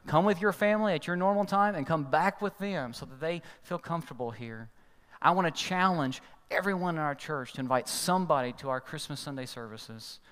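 Pastor preaching in a reverberant hall. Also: male voice, fairly bright tone, smooth. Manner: storytelling, acts out quoted voices with big pitch jumps. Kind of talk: sermon. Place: large church hall.

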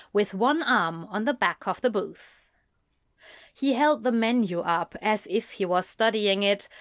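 A woman narrating a story in a slow, measured storytelling voice. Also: mid-range voice, dry recording, clean studio sound. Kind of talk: fan fiction audiobook reading.

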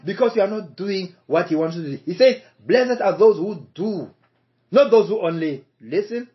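Male preacher, high animated voice, deliberate and repetitive, muffled lo-fi sound. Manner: slow, emphatic, repeats key phrases. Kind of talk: sermon. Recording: dull lo-fi recording.

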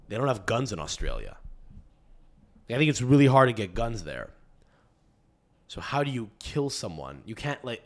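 A male podcast host chatting casually in a rambling, profane way. He often restarts his sentences mid-thought. His voice sits at an ordinary middle pitch.

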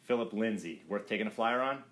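A man's voice: lowish voice, expressive, brisk, a bit bright. A man hosting a casual sports chat, quizzing his co-host in a jokey, rambling way.

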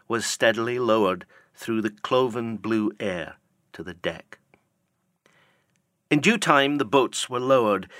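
Slow, measured male audiobook narrator. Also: mid-range voice, bright, forceful tone, dry recording, studio quality. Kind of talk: scripted narration.

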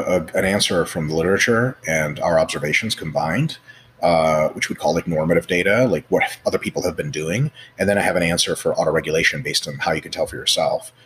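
A man with a low voice talks at a rapid clip as a guest expert. He is animated and swears freely, and he fills his speech with "like" and "you know" as he acts out little scenes. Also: slight background noise. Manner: profane, animated, acts out scenarios; many fillers like "like" and "you know". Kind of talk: casual explanatory chat.

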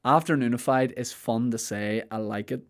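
A man's voice: mid-range voice, moderate pace. Comedy guy riffing away on his podcast, playful and swearing a lot.

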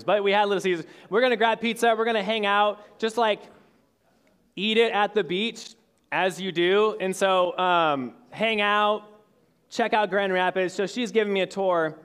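A young man in his twenties, a youth speaker with a smooth, high-pitched voice, gives a casual sermon to young adults in a church hall with an audience. His story is full of fillers and restarts.

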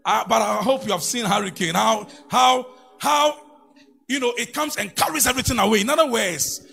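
A man's voice: very high-pitched, moderate pace, creaky, pushed and bright, faint music behind. A man preaching a sermon, breaking into sung phrases and leading the congregation in call-and-response. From Ghana. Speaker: pastor.

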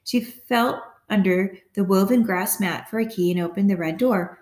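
A woman narrates a mystery novel in a steady storytelling manner, her voice sitting at a middle pitch. The recording carries a noticeable roomy echo. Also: normal speed. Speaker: audiobook narrator. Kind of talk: scripted narration.

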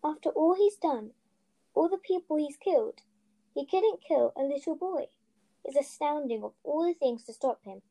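A woman's voice: high voice, lively intonation, moderate pace, gravelly, mellow, voice pushed up. Woman voicing an elderly, stern witch professor. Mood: upset. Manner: urgent, emphatic, disbelieving. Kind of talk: storybook reading with character voices.

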